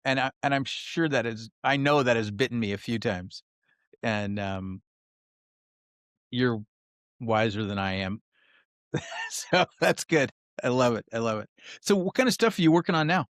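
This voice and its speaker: A man's voice: medium pitch, moderate pace, pauses often, fairly bright tone, dry recording, clean studio sound. A man hosting a podcast interview, chatty and affirming, with rambling questions. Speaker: podcast host. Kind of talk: casual interview chat.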